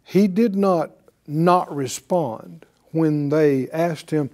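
A Bible teacher delivers a sermon slowly, posing questions and drawing call-and-response replies from the audience. His voice is fairly high with a darkish tone.

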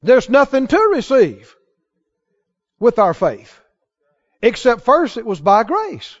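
A man with a very high voice preaches with lively, swinging pitch. He keeps asking his congregation questions. The recording sounds dull and lo-fi. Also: slow pace. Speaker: pastor. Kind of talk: sermon.

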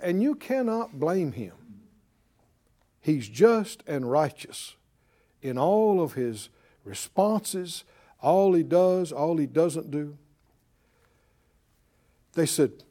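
Male Bible teacher, high and very lively pitch, unhurried delivery, dramatic loud-soft swings. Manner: calls out to the class for responses. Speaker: preacher teaching a Bible class.

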